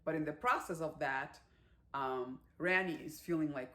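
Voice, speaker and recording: A woman giving a casual movie recap, chatty and animated, with lots of fillers and acted-out quotes. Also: low-pitched, a little slow. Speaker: movie reviewer.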